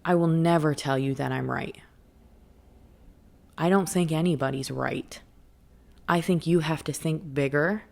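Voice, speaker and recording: Low, gravelly woman hosting a podcast. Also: a little mellow. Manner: frank, conversational, often asks "right?". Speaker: podcast host and life coach. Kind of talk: casual spiritual podcast monologue.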